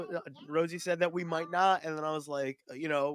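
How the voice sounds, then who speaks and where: A man co-hosting a podcast, sniffly, telling stories in a rambling, animated way full of fillers and restarts. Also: a little high, a little fast, hardly any pauses, smooth, no echo, studio quality. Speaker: podcast co-host. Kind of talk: casual chat.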